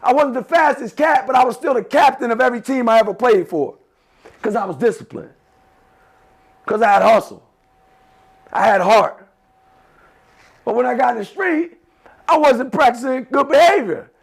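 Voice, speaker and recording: Gravelly and very high, with a breathy edge, this motivational speaker's voice moves at normal speed broken by long pauses. He emphatically and repetitively leads a class of teenagers in call-and-response affirmations.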